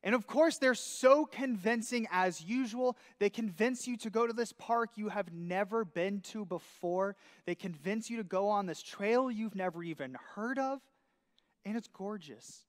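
A man preaching a sermon, telling a story with lively acted-out dialogue. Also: sits high, big-room sound. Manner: animated storytelling, acting out dialogue. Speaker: pastor. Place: church sanctuary.

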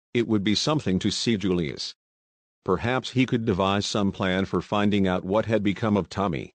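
Low-voiced man reading an audiobook. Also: no room sound. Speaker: audiobook narrator. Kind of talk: scripted narration.

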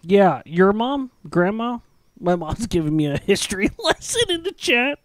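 A man's voice: sits high, sing-song, normal speed, no room sound. A man in casual podcast chat, joking crudely and swearing freely. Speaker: podcast co-host.

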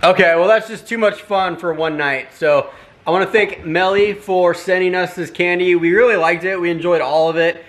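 A man's voice: sits high, fairly even intonation, moderate pace, a bit bright. A man hosting a casual family vlog taste test, teasing and announcing each round like a game show. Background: background music.

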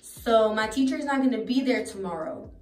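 A woman's voice: a little high, lively intonation, brisk, a little mellow, roomy sound, distant mic, soft background music. A teenage girl giving a rambling casual vlog update from home. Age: teens. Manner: loose and rambling, with many fillers. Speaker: vlogger.

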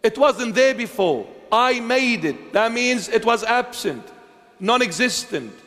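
A man with a high voice preaching a slow, deliberate sermon. He leans on rhetorical questions and swings between hushed phrases and loud ones. His voice rings with a long church reverb. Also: animated. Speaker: bishop preaching.

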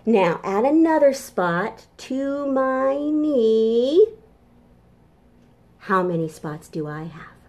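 A woman's voice: a little high, sing-song, extremely slow, darkish tone. A woman children's librarian leading a toddler storytime from her home kitchen, cheerful and sing-song as she talks to small children.

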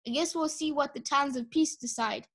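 A woman's voice: high-pitched, moderate pace. A bookish young male dragon, gloomy and fond of lecturing, read by a woman. He sounds like the top of the class in a storybook telling.

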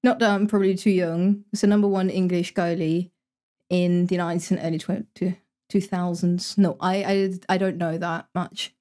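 A woman's voice: on the low side, little pitch movement, normal speed, mellow. A young woman streaming herself playing a game, chatting casually, thinking aloud and swearing freely. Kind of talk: casual live-stream commentary while gaming.

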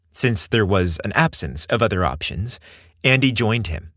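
A man reading a scripted story aloud with expressive, measured storytelling. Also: on the low side, no echo, studio quality. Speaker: narrator.

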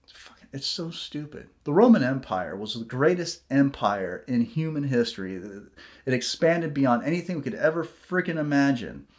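A man rants to camera in a solo vlog, his voice pitched in the middle of the male range. He gets heated, swears freely and drifts off on tangents. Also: big pitch swings, moderate pace, a little mellow. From United States. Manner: heated, profane ranting with tangents and mocking quoted voices. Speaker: vlogger.

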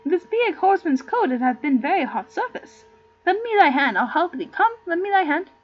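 A woman's voice: extremely high pitch, very animated, fairly quick. A woman voicing a simple, good-natured young country lad who bumbles along and counts things aloud, on a dull lo-fi recording. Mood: kindly.

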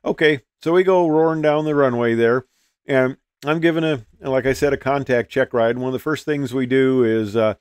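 A man's voice: mid-range voice, moderate pace, smooth, no echo. Older man, retired pilot, casual storytelling, rambling, fillers, dry close sound. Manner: rambling, folksy, many fillers and restarts. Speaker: retired pilot telling stories.

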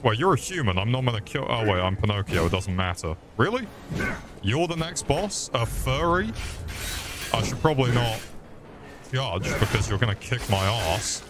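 A man's voice: medium pitch, lively intonation, normal speed, noisy background. A man streaming a game with crude, mocking comic commentary.

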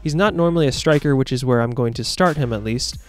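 A young man giving casual, excitable commentary over his own football video game match, reacting loudly to the plays. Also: medium pitch, quick pace, soft background music. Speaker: gaming YouTuber.

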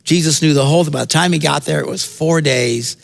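A man preaching a sermon as pastor, telling the story with lively jokes and sudden shouted bursts. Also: on the high side, fairly quick, gravelly. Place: church sanctuary.

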